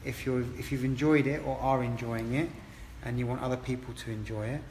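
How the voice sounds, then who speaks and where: A man's voice: mid-range voice, fairly even intonation, brisk, a little mellow, slight background noise. A man giving a chatty, encouraging live-streamed haircut tutorial, explaining each step as a hairdressing educator. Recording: roomy echo with long reverb and faint ambience.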